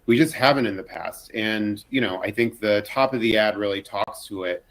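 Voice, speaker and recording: A man speaking as a campaign spokesman in an interview clip, measured and earnest with fillers. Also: on the low side, rough recording.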